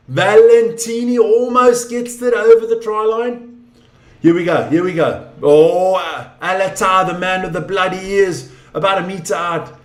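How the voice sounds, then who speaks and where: Older male, high-pitched, chatty and excitable, calling live rugby; echoey room. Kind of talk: casual live commentary.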